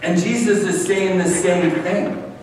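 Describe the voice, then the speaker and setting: A man's voice: high-pitched, fairly even intonation, slow pace, a little mellow, slight background noise. A man preaching a communion sermon as pastor, earnest and conversational, with emphatic repetition. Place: church sanctuary. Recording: echoey hall, far from the mic.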